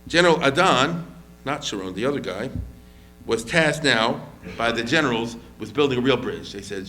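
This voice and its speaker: A man with a mid-range voice, speaking at moderate speed, lectures casually on history in the role of a rabbi. His delivery is chatty, with lots of fillers and restarts, and he gives the quoted lines lively voices.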